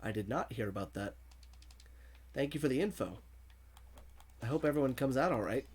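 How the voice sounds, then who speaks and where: A male gaming streamer talks casually while he plays, reading viewer messages aloud and answering them. His voice sits at an ordinary pitch, and he laughs often. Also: expressive, moderate pace, darkish tone, husky. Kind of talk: casual livestream commentary.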